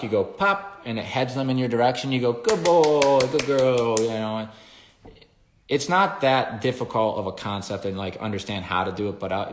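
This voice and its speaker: A man with a fairly low voice walks through his dog training method in a loose, conversational way. He acts out the commands he gives the dogs with sharp, raised calls and swears now and then. The sound carries a noticeable room echo. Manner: swears casually. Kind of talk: casual explanation of training method.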